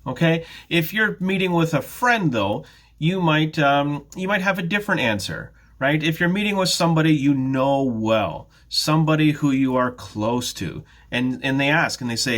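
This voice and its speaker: A middle-aged man with a Canadian accent teaching a slow, clear beginner English lesson, patiently modelling phrases with careful intonation. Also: mid-range voice, lively intonation, fairly bright tone. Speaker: ESL teacher, head of academics.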